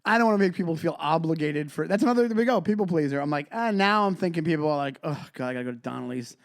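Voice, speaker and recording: A man's voice: a little high, animated, rapid-fire. A man in his forties co-hosting a podcast, talking in a rambling, self-deprecating way. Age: 40s. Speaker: podcast co-host. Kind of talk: casual chat.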